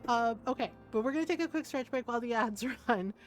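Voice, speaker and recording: A woman chats casually while she streams a game, her voice sitting a little high. She tells stories in an animated, unfiltered way, swearing freely and laughing often. Soft game music plays underneath. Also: fast.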